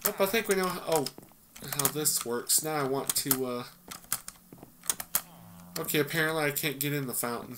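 Playing a game, this YouTuber thinks out loud in loose, filler-heavy commentary at a moderate pace, pausing often. His pitch is fairly high, and the noisy mic catches keyboard typing behind him.

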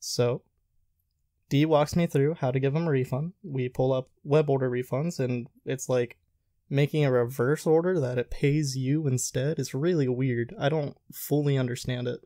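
A man's voice: medium pitch, normal speed, no room sound, studio quality. A young man in casual chat, animatedly retelling stories from his restaurant job and acting out what people said. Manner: animated retelling, acts out quoted lines. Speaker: podcast host telling work stories.

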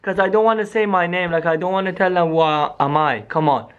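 Narrating a scripted horror skit, a very high-pitched male YouTuber talks fast and excitedly to his viewers, peppering everything with "yo" and "guys" and staying close to the camera audience. His voice is clear and resonant, though the highs are cut off.

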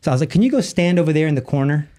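A man, a lay evangelist, telling a story as a podcast guest, acting out the people he quotes with sudden jumps in pitch and rushing through his asides. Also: expressive, mellow. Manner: acts out quoted voices with big jumps in pitch; rushes asides in quick bursts. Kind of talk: animated storytelling in conversation.

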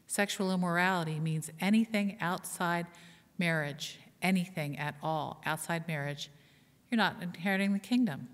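A woman's voice: lowish voice, fairly bright tone, long reverb tail. A woman pastor delivering a conversational sermon, asking the congregation questions and joking at her own expense. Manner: conversational, asks the congregation questions, self-deprecating humor. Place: church sanctuary.

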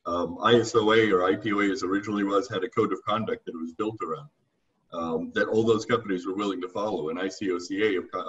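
A man's voice: low voice, a bit bright. A man speaking as a guest expert on a webinar panel over a video call, full of fillers and restarts, on distant, dull audio. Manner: rapid, filler-heavy.

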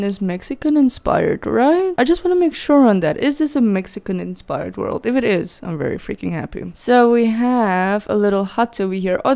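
A woman's voice: fairly high pitch, darkish tone. A woman hosting a let's play, chatting casually and giggling as she comments on her game, often gasping and exclaiming at what she finds.

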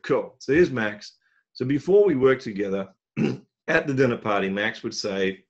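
Guy giving a marketing webinar over a call, lowish raspy voice, acts out little dialogues. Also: normal speed, lo-fi sound. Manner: animated storytelling, acting out dialogue; frequent throat clearing. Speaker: webinar presenter.

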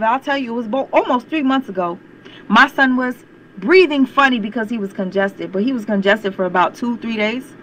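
A young woman YouTube commentator delivers an angry rant to camera on her vlog channel, heated, confrontational, and swearing often. Her voice is a little high and fairly bright, on a rough recording with a little hiss or hum.

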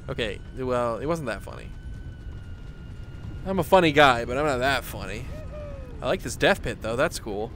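A man giving casual, excitable commentary while playing a VR game at home, swearing casually and laughing often. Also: medium pitch, normal speed, pauses often, slight background noise. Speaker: gaming streamer. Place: home room, seated on the floor.

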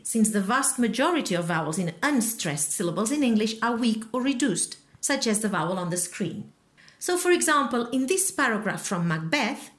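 Woman lecturer, fairly high voice. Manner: measured, explanatory. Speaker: university lecturer. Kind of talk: scripted course presentation.

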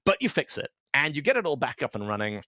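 A man's voice: mid-range voice, fast talker, no room sound, studio quality. A man giving an online tech talk in a conversational way, telling stories and acting out the dialogue in them. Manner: animated storyteller who acts out quoted dialogue; conversational, with frequent fillers and asides. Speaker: conference speaker.

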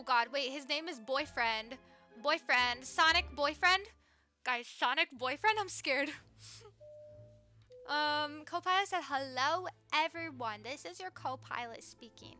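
A woman's voice: sits high, unhurried, pushed and bright, soft background music. A young woman live-streaming a game, chatting with her viewers in a bubbly, gushing way as she reads the chat. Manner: bubbly, chatty, says bestie and slay. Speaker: livestreamer.

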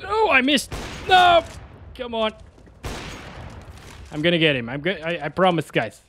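Man, gameplay commentary, excitable, slightly high voice, faint gunfire behind. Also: moderate pace, a little hiss or hum. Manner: excitable, yelps and laughs at in-game moments. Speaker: gaming YouTuber. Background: game gunfire and explosions.

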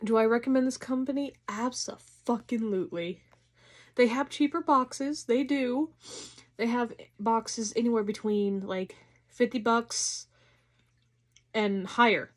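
A woman vlogger chatting casually through an unboxing, gushing and excitable, with some casual swearing. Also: fairly high pitch, measured pace.

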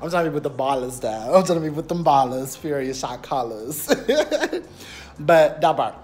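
A man's voice: a little high, big pitch swings, normal speed, a little mellow. Chatty young man vlogging on his phone. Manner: chatty, rambling, lots of fillers like "period" and "and everything". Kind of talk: casual vlog talk to camera. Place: rented apartment indoors. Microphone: phone camera.

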